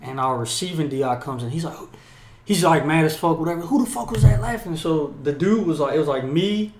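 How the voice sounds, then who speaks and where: A young man tells stories in loose, profane podcast chat, with a slightly raised pitch. He gets animated and acts out the yelling of drill instructors. His voice rings in a roomy, echoing space. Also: a little fast. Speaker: podcast co-host. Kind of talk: casual storytelling chat.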